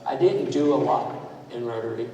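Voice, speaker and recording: A man's voice: medium pitch, moderate pace, gravelly. A man giving a conversational, anecdotal speech to an audience in a large room, telling stories and quizzing the crowd. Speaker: speaker at a club training event. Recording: echoey hall, mic far off, faint noise.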